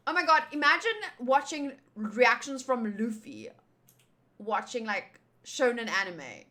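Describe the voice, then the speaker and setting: A woman reading through a manga and reacting to it in casual, excitable fan commentary, often laughing. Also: on the high side, unhurried.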